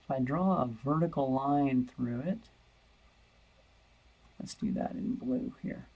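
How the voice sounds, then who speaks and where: Slow, gravelly-voiced male math teacher. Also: medium pitch, phone-quality sound. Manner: slow, thinking aloud, repeats words while searching. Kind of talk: screen-recorded lesson walkthrough.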